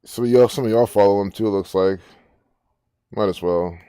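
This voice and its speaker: A man with a low, dark, mellow voice talks through social media posts in a loose, rambling way, swearing and sounding incredulous. The sound is close and dry, with no room around it. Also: moderate pace, clear, resonant tone, no echo. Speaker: online commentator. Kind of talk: casual commentary reading social media posts.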